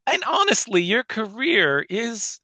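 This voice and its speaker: Male interviewer, bright and crisp, dry close sound, eager and full of praise. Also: high-pitched, very animated, measured pace, no echo. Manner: enthusiastic and complimentary. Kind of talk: interview questions.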